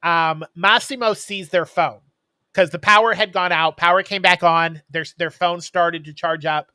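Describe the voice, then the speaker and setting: A man with a bright, forward voice recaps a film for his podcast co-host. He rambles along with frequent ums. The sound is dry and close. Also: sits high, steady tone, normal speed, no echo. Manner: rambling storyteller with many ums. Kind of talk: casual chat, retelling a movie plot.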